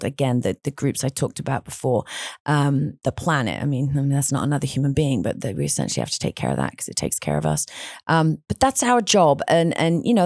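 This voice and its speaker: A woman hosting a podcast, telling stories in an animated, outspoken way with frequent restarts. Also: low voice, no room sound, clean studio sound. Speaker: podcast host. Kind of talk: casual conversational storytelling.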